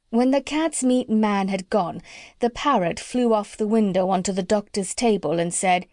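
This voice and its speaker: A woman narrating a children's storybook audiobook in an expressive reading. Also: medium pitch, moderate pace, no room sound, studio quality.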